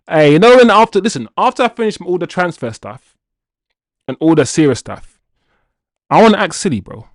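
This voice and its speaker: A man's voice: high-pitched, brisk, pauses often, dry recording, studio quality. Playful man hosting a stream. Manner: animated, playful, addresses chat directly. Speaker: football channel host reading chat. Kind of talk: casual livestream chat.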